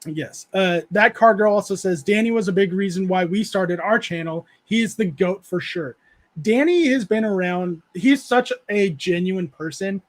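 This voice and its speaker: A man's voice: high voice, normal speed. A man hosting a casual livestream chat, reading viewer comments aloud and rambling through stories with frequent laughs and fillers. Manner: rambling storyteller, laughs often, many fillers. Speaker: show host reading chat.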